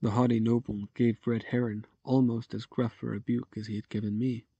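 A man reading a novel aloud in a measured first-person narration. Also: mid-range voice, flat delivery, creaky, warm tone, husky, no room sound, highs cut off. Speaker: audiobook narrator.

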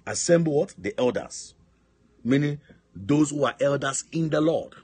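A man's voice: on the high side, expressive, normal speed, a little mellow, breathy edge. A man pastor preaching a sermon, emphatic, asking his listeners call-and-response questions. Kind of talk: sermon on a prayer line. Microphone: phone line.

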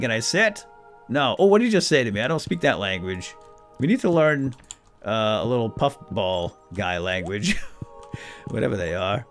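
A man hosting a let's play, giving casual, jokey gameplay commentary and talking to the game characters. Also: mid-range voice.

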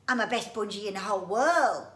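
A woman's voice: medium pitch, animated, brisk, fairly bright tone, lightly acted. A woman voicing a small lonely creature with a trunk that chirps "eep eep" and talks in broken, childlike grammar. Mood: chirpy. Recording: roomy echo.

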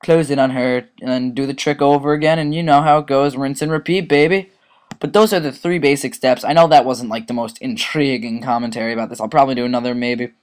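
Brief: teen boy, offhand gaming commentary, crude jokes, rambling, average pitch, mock voices here and there. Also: fairly even intonation, fast, smooth. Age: teens.

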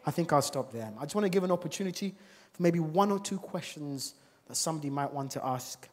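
A male preacher giving a church sermon, animated and full of rhetorical questions to the congregation. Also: fairly high pitch, fast. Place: church service. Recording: long reverb of a large church hall.

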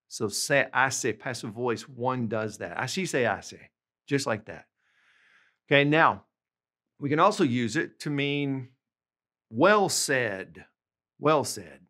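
A man teaching a language lesson, patiently explaining examples and slowing down to say the phrases clearly. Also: mid-range voice, fairly bright tone. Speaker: language tutor.

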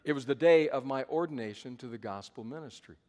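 With a darkish, medium-pitched voice and a quick pace, a pastor in his fifties preaches at a conference. He tells the story dramatically, leaning on emphatic repetition, and the hall adds a long reverb.

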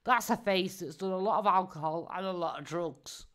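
A woman's voice: on the low side, normal speed, fairly bright tone. A woman, giving casual live-stream commentary in a mocking tone, laughing often and swearing freely.

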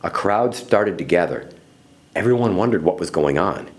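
Guy reading a children's storybook aloud, super animated, voice jumps around a lot. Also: deep voice, moderate pace. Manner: expressive, animated. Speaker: storybook reader. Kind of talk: children's picture book read-aloud.

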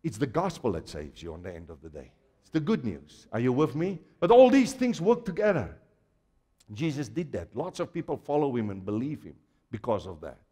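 A man from Africa preaching a sermon to a congregation, animated and full of laughter, swinging from quiet asides to loud exclamations. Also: medium pitch, a little fast, breathy edge. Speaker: pastor. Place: large church hall. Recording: church hall reverb.

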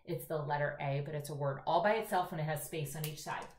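A woman kindergarten teacher giving an online phonics lesson from home, speaking slowly and clearly with encouragement. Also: sits low, a little mellow, echoey room, slight background noise. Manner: slow, clear and encouraging, drawn-out reading aloud. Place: home room.

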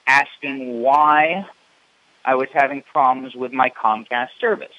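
A man calling in an indignant, halting way with lots of fillers and restarts, over muffled phone audio. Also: medium pitch, steady tone, dry recording. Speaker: caller. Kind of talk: phone complaint.

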